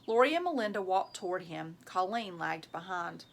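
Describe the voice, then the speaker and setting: A woman reading a children's novel aloud as a teacher, expressive and stopping to prompt her listeners with questions. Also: fairly low pitch, normal speed, vocal fry.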